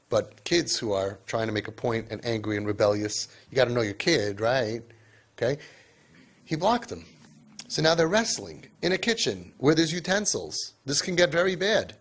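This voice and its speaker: Parenting speaker, male, husky voice, emphatic lecture with frequent "right?" asides and big swings in pitch. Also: fairly bright tone. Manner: mixes Yiddish and Hebrew words into English.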